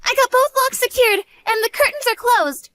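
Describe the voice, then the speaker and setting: A woman's voice: very high voice, normal speed, sharp tone, dry recording, voice pushed up. A woman voicing an earnest, devoted college-age daughter who talks to her mother. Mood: frightened. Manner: earnest, pleading.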